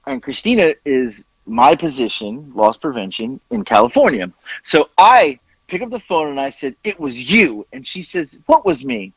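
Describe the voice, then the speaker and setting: A man co-hosting a casual podcast, telling a long story with a lively, swooping voice. He acts out the people he quotes. The sound is dry and a little dull. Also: mid-range voice, normal speed, few pauses, husky, no room sound. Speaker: podcast co-host.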